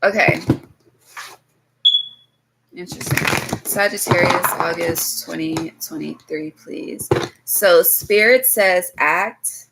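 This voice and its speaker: A woman's voice: lowish voice, takes it slowly, vocal fry, very noisy. A woman giving a loose, casual tarot reading to her viewers, blunt and swearing freely, drifting into chatty asides. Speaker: tarot reader.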